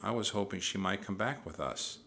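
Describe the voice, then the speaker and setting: An eager, hopeful young girl, as a man reading a storybook puts her on. The voice stays low and bright, with an earnest tone. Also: normal speed, a little hiss or hum. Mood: wistful.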